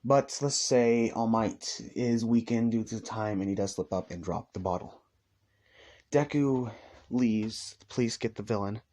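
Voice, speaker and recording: A man's voice: fairly low pitch, measured pace, darkish tone. A man improvising a fan story, rambling casually and correcting himself as he goes.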